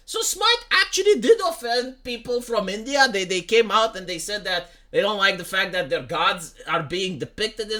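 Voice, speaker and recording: A man's voice: sits high, pushed and bright. A young man ranting in profane, heated commentary, often repeating "like" and "right?". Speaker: commentary streamer.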